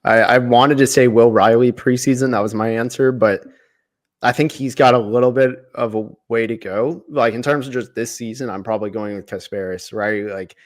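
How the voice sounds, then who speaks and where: A man co-hosting a basketball draft podcast, relaxed and conversational in casual chat. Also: mid-range voice, moderate pace. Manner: relaxed, conversational, many "like" and "right" fillers. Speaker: podcast co-host, draft analyst. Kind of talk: casual sports podcast talk.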